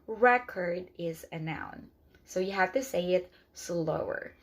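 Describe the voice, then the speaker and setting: A woman's voice: fairly low pitch, fairly even intonation, a little slow, a little mellow. A woman English teacher who is not a native speaker, explaining step by step in a casual spoken lesson. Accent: non-native English speaker. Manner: earnest, explains step by step with many "okay"s.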